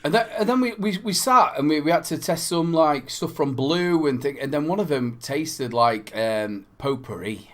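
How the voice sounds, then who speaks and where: A man's voice: fairly high pitch, lively intonation, normal speed, few pauses, fairly bright tone. A man with a Yorkshire accent co-hosting a casual chat, telling stories with lots of swearing and laughter. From Yorkshire, England. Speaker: podcast co-host.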